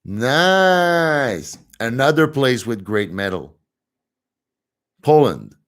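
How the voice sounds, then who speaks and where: Slow-talking man. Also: mid-range voice, big pitch swings, a bit bright. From Montreal, Canada. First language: French. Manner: chatty, answers viewer comments, laughs easily. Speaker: live-stream host. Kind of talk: casual live-stream chat.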